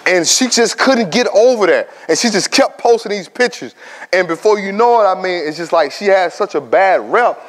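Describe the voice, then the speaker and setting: A man in his thirties giving a motivational talk to high school students, telling stories animatedly and bantering with the audience. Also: normal speed. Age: 30s. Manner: animated storytelling, acts out quoted voices, banters with the audience. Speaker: guest speaker at a high school. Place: large school hall. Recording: long reverb in a big hall.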